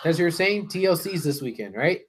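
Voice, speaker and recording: A man's voice: on the high side, animated, fairly quick, breathy edge. A man co-hosting a wrestling podcast in casual chat, easygoing and self-mocking, reading comments from the live chat.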